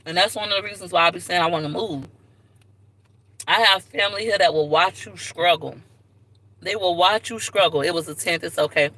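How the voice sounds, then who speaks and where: A young woman from Tampa chatting casually to viewers on a live video from her car, lively and direct. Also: lowish voice, fairly quick, no room sound, poor audio. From Tampa, Florida. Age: young adult. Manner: chatty, animated, talks straight to viewers. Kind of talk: casual livestream chat. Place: in a car at a park. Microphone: phone camera.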